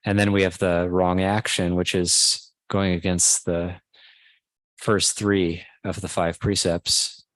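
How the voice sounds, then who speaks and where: A man, a Buddhist monk, giving a Dhamma talk at a meditation retreat, teaching slowly and pausing often. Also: low voice, flat delivery, fairly bright tone, no echo. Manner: slow, measured teaching with pauses and restarts.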